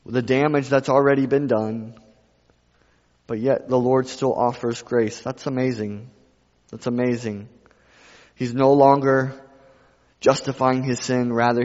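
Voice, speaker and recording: A male pastor preaching a sermon, moving from quiet passages to loud ones and repeating phrases for emphasis. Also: medium pitch. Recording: dull sound with long reverb in a hall.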